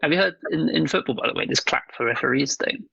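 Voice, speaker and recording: A man's voice: on the high side, fast talker, vocal fry, bright, forceful tone, breathy edge, no room sound, lo-fi sound. A man co-hosting a casual podcast chat, blunt and swearing freely. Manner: blunt, swears freely, acts out voices while joking. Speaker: podcast co-host.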